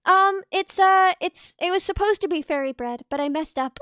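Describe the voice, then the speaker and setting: Very high-pitched, excitable young streamer woman. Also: moderate pace, no echo. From not Australian. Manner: excitable, gasps and squeals at chat, rambling asides. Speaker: VTuber streamer. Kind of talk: casual stream chat reading chat.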